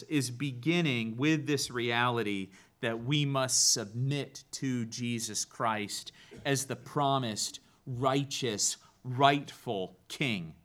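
Slow, emphatic male preacher. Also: a little high, a bit bright. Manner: rhetorical questions to the congregation, slow and emphatic. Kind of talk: sermon.

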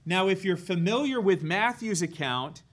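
A man preaching a sermon, posing rhetorical questions to his listeners and stressing key words slowly. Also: high-pitched, expressive. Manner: rhetorical questions to the congregation, slow and emphatic.

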